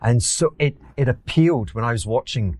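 A man's voice: medium pitch, moderate pace, darkish tone, no echo. A Glaswegian man from Scotland, an investor guest telling stories in a casual interview, rambling with many repeats and restarts.

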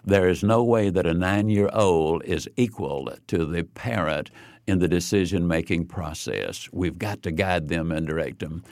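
A man's voice: low voice, moderate pace, a little mellow, no room sound, studio quality. A man giving earnest advice on raising children. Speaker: speaker on parenting.

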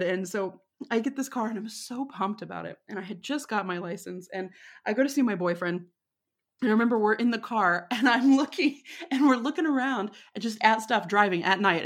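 A woman's voice: medium pitch, moderate pace. Chatty Texan woman telling stories. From Texas. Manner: animated, chatty, laughs often, many fillers. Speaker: podcast guest. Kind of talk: casual storytelling.

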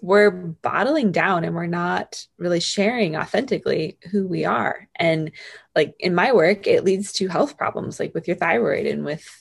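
A woman podcast host with a slightly low voice and a gravelly fry at the ends of her phrases. She talks with upbeat enthusiasm, moving from a scripted welcome to relaxed conversation. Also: normal speed. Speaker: podcast host and health coach. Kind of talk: scripted intro then casual interview.

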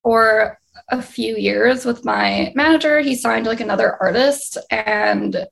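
A woman's voice: fairly high pitch, unhurried, gravelly, fairly bright tone. A young woman from Canada, a singer-songwriter, chatting casually in a video-call interview, filling her talk with "like" and laughing often.

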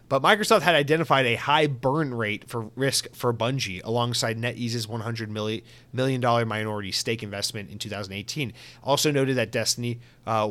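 Animated, profane male podcast host. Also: medium pitch. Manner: animated, profane, riffs off into comic tangents. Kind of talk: solo podcast news commentary.

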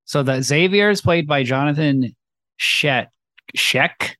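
A man's voice: fairly high pitch, slow, pushed and bright, no echo. A young man co-hosting a casual movie review chat, rambling with lots of fillers and film references. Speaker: podcast co-host.

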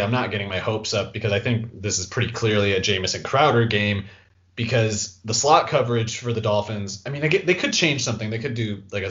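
Lower-voiced man analyzing animatedly. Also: lo-fi sound. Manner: animated, fast bursts, mocking voices. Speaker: podcast guest analyst. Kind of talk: casual fantasy football analysis.

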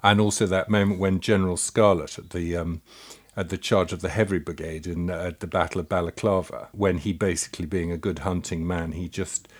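A man's voice: low voice, fairly even intonation, fairly quick. A man hosting a casual history podcast who prompts his guest and adds his own examples.

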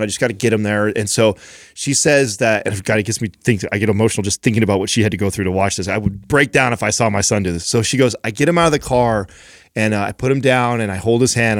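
A man in his thirties telling family stories in casual chat as a podcast co-host, animated, with quick bursts and frequent laughs. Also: on the low side, no room sound, clean studio sound.

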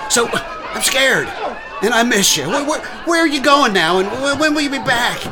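A flustered small-town mayor, high and theatrical, his pitch leaping as a crowd clamors around him in an audio drama scene. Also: sing-song, normal speed, music in the background. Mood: anxious. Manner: theatrical, flustered, calls out loudly on the phone. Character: fussy excitable male small-town mayor.

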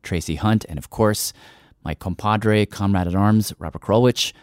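A man's voice: fairly low pitch, normal speed, smooth, dry recording, studio quality. A man hosting a podcast, speaking thoughtfully with some hesitation. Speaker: podcast host.

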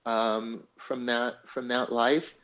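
Animated male storyteller, dull lo-fi sound. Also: medium pitch, slow pace. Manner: animated storyteller, acts out quoted voices, laughs. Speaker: songwriter guest. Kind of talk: conversational storytelling.

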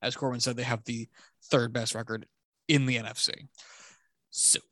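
A man's voice: mid-range voice, flat delivery, normal speed, a bit bright, no echo. A man co-hosting a casual sports podcast, chatty and self-deprecating, with joking trash talk. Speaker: podcast co-host.

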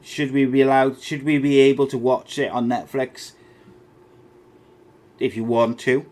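A man's voice: medium pitch, steady tone, a little slow, a little mellow. A man hosting a casual podcast, reading out listener messages with blunt, mock-offended humour. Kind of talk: casual chat.

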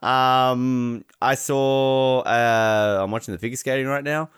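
A man's voice: fairly even intonation, slow pace, clean tone. A man hosting a casual video-call chat show, joking and laughing as he talks. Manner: jokey, laughs often, mimics people in high voices. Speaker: podcast host.

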